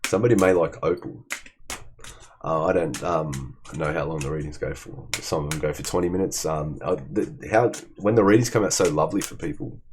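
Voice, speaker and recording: A man's voice: extremely low pitch, fairly quick, darkish tone, a little hiss or hum. A man giving a casual tarot reading, blunt and profane, often calling the listener "man". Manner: blunt, swears freely, calls listener "man". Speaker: tarot reader.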